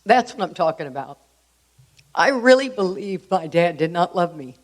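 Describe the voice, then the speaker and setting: A middle-aged woman from Houston, speaking to a recovery group, telling her story in an animated way with emphatic asides. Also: on the low side, moderate pace. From Houston, Texas. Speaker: AA workshop speaker. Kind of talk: personal recovery talk to a group.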